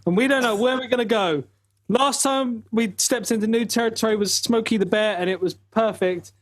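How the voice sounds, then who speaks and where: A man's voice: high voice, a little fast. A man hosting a podcast, in a casual, laughing chat that rambles and stumbles over explanations. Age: 30s. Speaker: podcast host.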